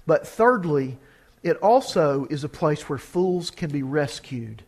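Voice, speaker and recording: A man's voice: a little high, lively intonation, slow, darkish tone. Earnest man preaching a sermon. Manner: earnest, urgent scripture reading.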